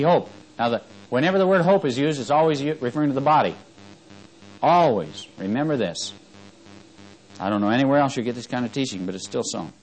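A man delivering a Bible-teaching sermon, his voice swinging widely in pitch as he reads scripture aloud with mounting emphasis. He stops often to quiz his listeners. Faint music sits behind him. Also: animated, fast talker, low-quality recording. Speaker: preacher.

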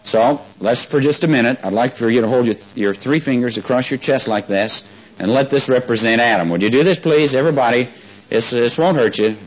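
A man's voice: medium pitch, brisk, poor audio. A man preaching a sermon, folksy and conversational, often asking the congregation questions and having them repeat words back. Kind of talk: sermon with congregation call-and-response.

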